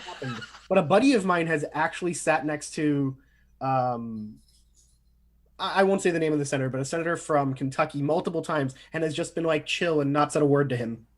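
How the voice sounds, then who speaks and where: A man's voice: a little high, fairly quick. A man co-hosting a podcast, chatty and joking in casual conversation. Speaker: podcast co-host.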